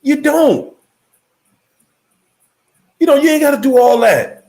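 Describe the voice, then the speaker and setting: A man hosting a motivational livestream, talking emphatically and straight to his viewers, swinging between high exclaims and low murmurs. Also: wildly swooping pitch, slow pace, pauses often, a little mellow. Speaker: livestream host.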